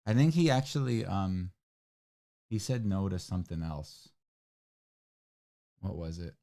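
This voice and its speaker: A man's voice: measured pace, vocal fry. A young man co-hosting a livestream, chatting casually with lots of fillers and restarts. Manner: rambling, many fillers and restarts, voice jumps high when excited. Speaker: livestream co-host. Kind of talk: casual chat. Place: home livestream room.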